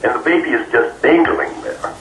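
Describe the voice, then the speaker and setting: A man being interviewed, telling a personal story in an earnest, halting way with many fillers. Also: medium pitch. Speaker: interview guest. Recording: roomy, distant mic, faint noise.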